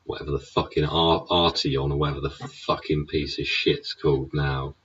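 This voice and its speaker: A man's voice: a bass voice, level tone, moderate pace, hardly any pauses, fairly bright tone, slightly rough, far from the mic. An English man in a sweary, sneering political rant, throwing in "yeah?" and "innit?" as he goes. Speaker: vlogger. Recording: dull sound, away from the mic.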